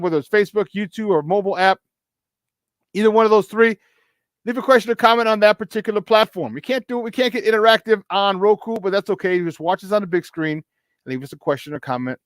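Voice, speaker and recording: A man's voice: high voice, no echo. A man with a Chicago accent hosting a live morning sports talk show, riffing playfully through promos with asides.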